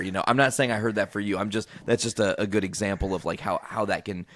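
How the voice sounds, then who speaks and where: A man's voice: fairly low pitch, fairly even intonation, fast, hardly any pauses, fairly bright tone. A man hosting a podcast in casual chat, swearing freely and confidently giving advice. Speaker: podcast host.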